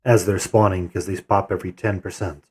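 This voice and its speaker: A man on voice chat leading a game raid, calmly explaining a plan and handing out tasks. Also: deep voice, fairly quick, a little hiss or hum. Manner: calm, methodical, assigns tasks. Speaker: raid leader and streamer. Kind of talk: voice chat while gaming.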